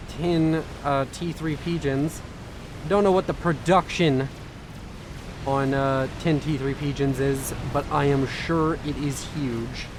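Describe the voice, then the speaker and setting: A young man casting a strategy video game with quick, chatty, self-mocking commentary, sounding tired. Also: fairly high pitch, background noise. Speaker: game caster.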